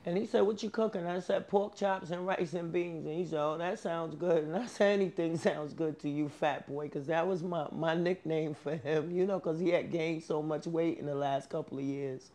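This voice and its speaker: A woman's voice: sits low, steady tone, moderate pace, few pauses, warm tone. A woman interviewed for a documentary, talking in a conversational, plain-spoken way and often adding "you know". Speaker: victim's widow, interviewee. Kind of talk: documentary interview, personal storytelling.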